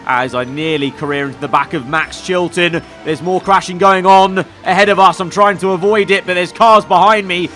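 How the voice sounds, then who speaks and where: A young man commentating his own racing game play, swinging from low muttering to excited shouting. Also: normal speed, few pauses, soft background music. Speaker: gaming YouTuber.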